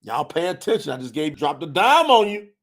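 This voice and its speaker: A man's voice: on the high side, fairly quick. A man hosting a religious livestream, reading chat comments aloud and preaching. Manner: animated, preacher-like, shouts at times. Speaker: religious talk host.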